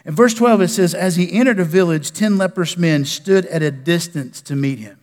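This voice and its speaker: A man, a pastor preaching a sermon, animated with loud bursts and quiet drops. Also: high-pitched, normal speed. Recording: long reverb of a large hall.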